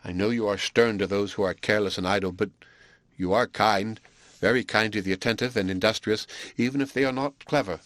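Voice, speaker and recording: A man voicing a shy, earnest young Belgian woman, speaking softly and hesitantly. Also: lowish voice, a little fast, no echo, natural voice. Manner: soft, quiet and hesitant.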